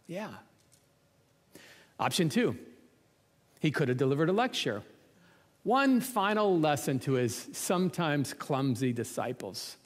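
A man's voice: on the high side, sing-song, unhurried, long pauses, big-room sound. A man preaching a sermon in a conversational, humorous way, full of rhetorical questions.

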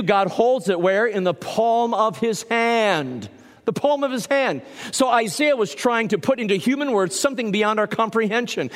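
In a large hall, a pastor with a high-pitched voice preaches an emphatic sermon. He repeats key phrases and puts questions to the congregation.

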